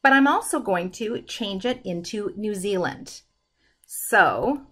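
Woman walking thru a math problem step by step, screen recording lesson, medium pitch. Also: a bit bright. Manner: methodical, talks through each step aloud. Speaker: math teacher.

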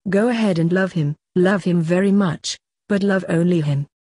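A woman's voice: lowish voice, normal speed, no room sound, close to an everyday voice. A woman reading as a tender heavenly mother. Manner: gentle, coaxing questions.

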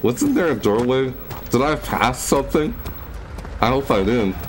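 Young male let's-play host, nervous horror commentary, lively pitch, unhurried delivery, noisy background. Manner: jittery, scared, talks to himself; jumps into high yelps when startled. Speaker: gaming YouTuber. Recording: steady background noise.

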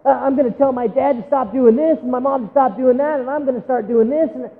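A man voicing an eager teenage boy fresh from church camp, rushing through excited declarations. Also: very high voice, long reverb tail, narrow, tinny audio, voice pushed up. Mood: fired up.

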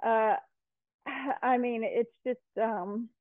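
A woman's voice: fairly high pitch, steady tone, slow pace, no echo. A woman guest in a casual interview, chatty and full of fillers and restarts. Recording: tinny phone-like line.

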